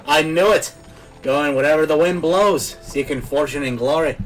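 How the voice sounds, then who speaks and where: A man's voice: on the high side, normal speed, faint music behind, close to an everyday voice. The speaker, a man doing a folksy Irish peddler. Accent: put-on Irish. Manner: folksy, rough country grammar, chuckling. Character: chatty old male traveling peddler.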